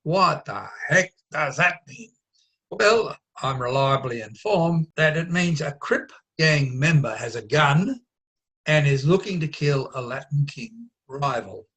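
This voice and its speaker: A man teaching novel writing in a recorded online lesson. His voice sits a little high, and he explains in a relaxed way, sometimes mimicking bits of casual conversation to make a point. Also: slow pace. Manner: explanatory, with mock overheard chatter.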